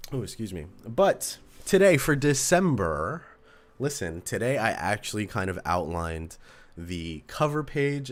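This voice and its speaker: A man chatting casually on a journaling livestream, relaxed and rambling, thanking viewers as he goes. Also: low voice. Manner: relaxed, rambling, reads out chat. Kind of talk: casual stream chat. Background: lofi music.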